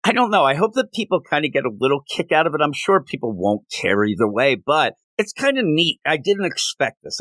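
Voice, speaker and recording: A man's voice: a little high, dry recording. A man co-hosting a comic book review show, talking casually and rambling with frequent restarts. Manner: rambling, animated, with many restarts.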